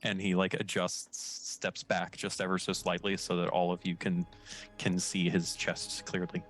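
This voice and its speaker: A man's voice: deep voice, flat delivery, a little slow, fairly bright tone, faint music behind. A man narrating as game master, casual and hesitant with many fillers.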